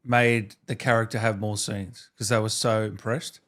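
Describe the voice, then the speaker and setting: A man hosting a podcast interview, asking quick, eager questions and laughing along with his guest. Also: lowish voice, flat delivery, fairly bright tone. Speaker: podcast host. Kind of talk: casual interview.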